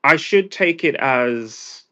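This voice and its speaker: A man's voice: mid-range voice, lively intonation, slow, sharp tone, highs cut off. An exhausted American man venting angrily in a profane monologue. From United States. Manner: angry, profane rant. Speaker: vlogger.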